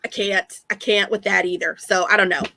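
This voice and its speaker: A woman's voice: medium pitch, fairly even intonation, brisk, vocal fry, sharp tone. A woman hosting a live stream, telling rambling stories in casual chat with lots of restarts. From Texas. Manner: chatty storyteller, rambling with many restarts.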